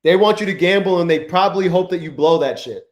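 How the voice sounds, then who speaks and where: A man's voice: high voice, quick pace. Profane casual male live-stream trader. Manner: profane, loose, reads out and greets chat viewers. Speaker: live-stream trading host. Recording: echoey room.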